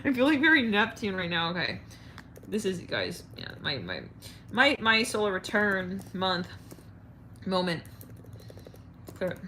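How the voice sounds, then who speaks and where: A woman's voice: mid-range voice, sing-song, measured pace, long pauses, pushed and bright, slight background noise. A woman hosting an astrology live stream, chatting in a rambling, giggly way with her viewers.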